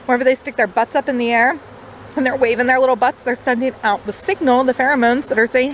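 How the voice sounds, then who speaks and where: A chatty woman talks through her beekeeping on a camera mic outdoors. Her voice sits a little high, with lots of easy fillers. Faint insect buzzing and outdoor noise run behind her. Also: fairly even intonation, fast. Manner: chatty, upbeat, uses many fillers. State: out of breath. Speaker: new beekeeper. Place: outdoors by beehives.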